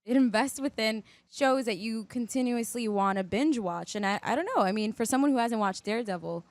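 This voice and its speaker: A woman's voice: on the high side, fairly quick, no room sound. A woman co-hosting a casual podcast, playfully asking probing questions. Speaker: podcast co-host. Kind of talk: casual chat.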